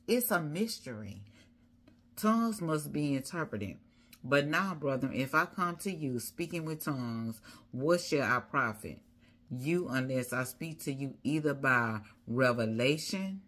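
A woman with a low, husky voice preaches a rhythmic sermon. She piles up repeated phrases and rhetorical questions as she drives her points home. Her tone is deep and slightly breathy throughout. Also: expressive, a little slow, a bit bright. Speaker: prophetess preaching.

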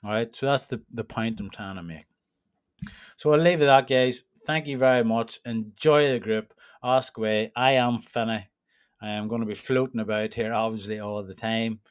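A man with an Irish accent talks through his online group in a relaxed, rambling way. His voice sits a little low, and the recording is dry and close. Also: normal speed, clear, resonant tone, no room sound. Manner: rambling and informal, with restarts. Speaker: trading mentor. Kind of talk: casual screen-share walkthrough.

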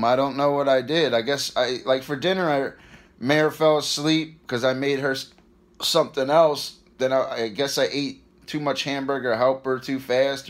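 A man in his thirties, hiccuping, talking to his viewers in a weary, rambling, stressed casual vlog. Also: medium pitch. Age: 30s. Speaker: vlogger.

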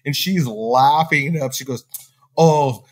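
A man hosts a podcast and tells a funny story in a lively, casual way. He laughs along and acts out his own reactions. His voice sits at an ordinary middle pitch for a man. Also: moderate pace. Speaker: podcast host, former butler.

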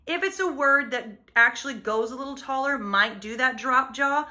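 A woman coaches singing in a high, bright voice. She explains plainly how to shape vowels and sound, the way a vocal teacher talks through a lesson. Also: normal speed. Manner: explains technique plainly, then sings short demo lines. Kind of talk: singing lesson with sung demonstrations.

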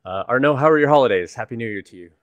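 A man's voice: medium pitch, lively intonation, rapid-fire, no room sound, lo-fi sound. A man from the United States hosting a live stream over a video call, chatting in a friendly way with many fillers. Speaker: host, developer advocate. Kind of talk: casual live-stream chat.

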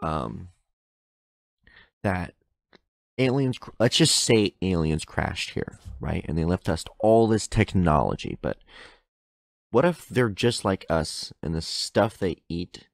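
Deep gravelly rambling podcaster man. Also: lively intonation, slow pace, long pauses, no room sound, studio quality. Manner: rambling, self-interrupting, swears casually. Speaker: podcast host. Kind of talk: rambling solo podcast monologue. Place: at home. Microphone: close microphone in front of face.

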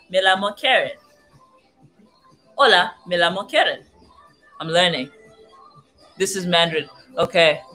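A young woman from southern Africa with a medium-pitched, bright voice and forceful tone chats casually on a vlog livestream while faint music plays. She playfully sounds out foreign phrases one at a time.

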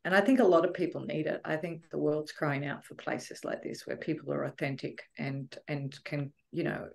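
Low gravelly woman, heartfelt. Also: steady tone, normal speed, a little mellow. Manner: heartfelt, searching for words, gets emotional. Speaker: retreat guest. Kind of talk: emotional testimonial interview.

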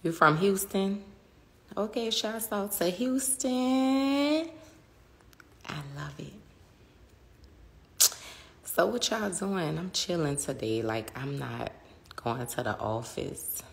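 Brief: woman, 30s, New Orleans accent, very low gravelly voice, bright edge, chatty phone livestream host. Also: slow pace, pauses often. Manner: chatty, swears freely, reads out viewer comments. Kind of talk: casual livestream chat.

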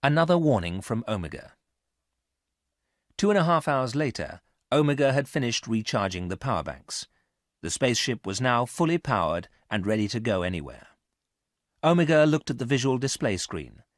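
A man narrating a graded reader story for English learners, slow, clear and even. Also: medium pitch, dry recording, studio quality.

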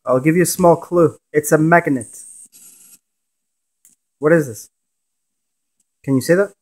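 A man with a fairly high voice runs a ghost-hunting spirit box session. He fires off short questions and echoes back the words he catches, now and then dropping to a near mutter. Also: unhurried, darkish tone. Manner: asks short questions and repeats the answers he hears. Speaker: paranormal investigator.

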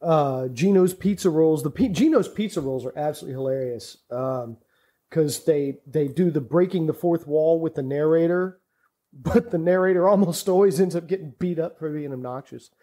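A man with a high, mellow voice chats on a podcast mic, spinning anecdotes with real enthusiasm. He laughs easily as he goes, and his tone stays soft rather than bright. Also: moderate pace. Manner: chatty, enthusiastic storytelling, laughs often. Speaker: podcast guest. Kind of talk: casual podcast chat. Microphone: studio podcast mic.

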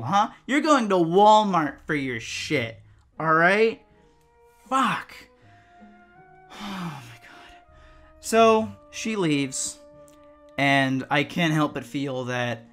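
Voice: medium pitch, a bit bright. A retail cashier telling a work story as an exasperated, profane storytime rant. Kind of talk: animated storytime vlog.

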